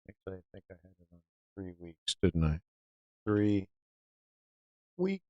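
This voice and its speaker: A man's voice: low-pitched, big pitch swings, a little slow, mellow, no echo, muffled recording. A man hosting a live-stream trading lesson, chatty, often asking viewers rhetorical questions. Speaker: trading educator.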